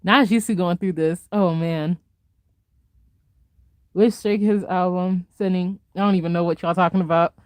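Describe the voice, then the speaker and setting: A young adult woman live streamer, ranting in a casual, animated way with lots of slang and laughter while she reads chat. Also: lowish voice, smooth, no room sound. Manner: animated, fast-talking rant with frequent laughter and slang.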